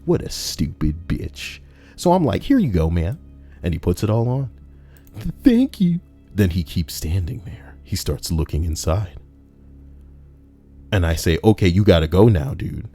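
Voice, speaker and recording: Over faint background music, a man with a deep, husky, dark-toned voice reads stories expressively at a normal speed. He stops between passages to hurl brash, mocking, profane rants at the author and the audience.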